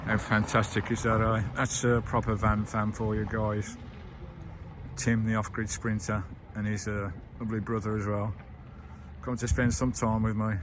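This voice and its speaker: British vanlife vlogger, chatty and doting, recorded outdoors with a noisy background. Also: male voice, fairly low pitch, little pitch movement, moderate pace. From United Kingdom. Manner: chatty, doting, talks fondly to his dog. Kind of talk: casual vlog chat. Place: in and around a camper van at a campsite.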